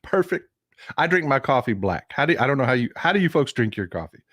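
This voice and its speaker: A man's voice: mid-range voice, sing-song, fast talker, a bit bright, no echo, studio quality. Chatty man hosting a stream. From United States. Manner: chatty, laughs often, reads viewer comments aloud. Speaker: live stream host. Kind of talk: casual talk to viewers.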